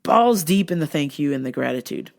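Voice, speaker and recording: A woman hosting a podcast, talking casually to her listeners in a profane, animated rant. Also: low-pitched, brisk, gravelly. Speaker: podcast host. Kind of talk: casual solo monologue.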